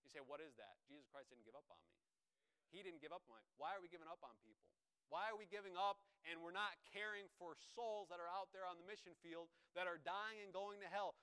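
High bright voiced guy from new york preaching, clear and lively, acts out the quotes. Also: rough recording. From New York, USA. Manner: animated, acts out quotes with rising pitch and volume. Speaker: visiting preacher. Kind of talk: sermon.

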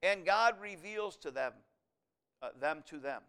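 A man preaching a sermon, reading scripture aloud and explaining it verse by verse, rising to loud emphatic passages. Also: fairly high pitch, lively intonation, unhurried, smooth. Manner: expository Bible teaching, reads scripture aloud, swells loud on key lines.

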